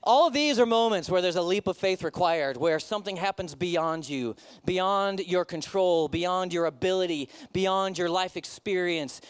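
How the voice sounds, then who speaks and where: A middle-aged man preaching as a pastor, conversational and animated, with joking asides to the congregation. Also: high voice, normal speed, hardly any pauses, clear, resonant tone. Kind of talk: sermon.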